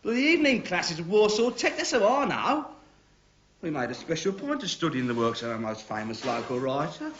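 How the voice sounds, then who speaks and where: An actor playing an anxious, long-winded builder, who lectures in an excitable way. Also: male voice, a little high, fairly quick. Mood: lecturing. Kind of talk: TV drama acting. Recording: dull TV soundtrack, faint noise.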